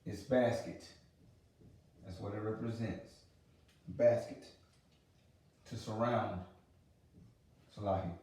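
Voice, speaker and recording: A man teaching pronunciation, repeating each sound slowly and patiently. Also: lowish voice, steady tone, warm tone. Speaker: religious language teacher. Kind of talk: teaching a lesson. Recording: roomy sound from a distant mic.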